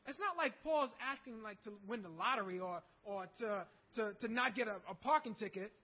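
Very high-pitched man preaching. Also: lively intonation, fairly quick. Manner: emphatic, building to loud passages. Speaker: pastor. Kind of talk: sermon. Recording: tinny phone-like recording.

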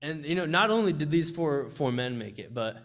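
A man's voice: a little high, lively intonation, brisk. A young man giving a heartfelt church testimony and sermon, speaking earnestly with frequent restarts. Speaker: campus ministry speaker. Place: church service.

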